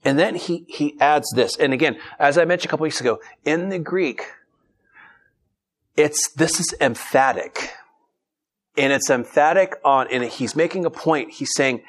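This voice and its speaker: A man's voice: a little high, normal speed, fairly bright tone. A middle-aged man preaching a sermon in a conversational, humorous way. He reads scripture aloud and then explains it.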